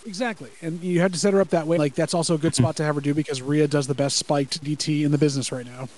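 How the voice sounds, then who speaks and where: Fast-talking man on a podcast call. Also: on the high side, fairly even intonation, a little mellow, rough recording. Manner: rapid, enthusiastic rambling with profanity. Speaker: podcast co-host. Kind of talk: casual live-reaction chat.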